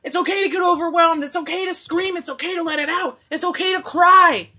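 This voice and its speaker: Needs a woman with a high, sharp voice for an impassioned live rant, profane and emphatic, loud then hushed. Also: fairly quick. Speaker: live-stream host. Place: at home.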